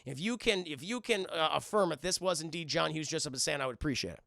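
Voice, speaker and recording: A man casually recapping a film scene by scene for his live chat, rambling and profane, acting out the characters in quick voices. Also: on the high side, creaky, bright, forceful tone, no echo, studio quality. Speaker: film review streamer.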